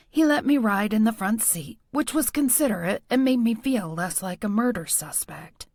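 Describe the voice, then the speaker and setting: A woman narrating a first-person audiobook with a wry, expressive delivery on a close studio mic. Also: fairly high pitch, moderate pace, hardly any pauses, no room sound.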